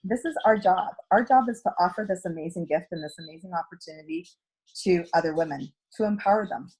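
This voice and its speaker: A woman's voice: lowish voice, fast, a little mellow, husky. A middle-aged woman coaching a direct sales team in a chatty storytelling talk, acting out quoted dialogue. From Canada.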